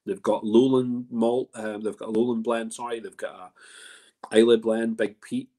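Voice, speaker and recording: A man's voice: mid-range voice, little pitch movement, moderate pace, warm tone. A man hosting a whisky tasting in a casual, rambling way, full of restarts and fillers. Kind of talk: casual spoken presentation.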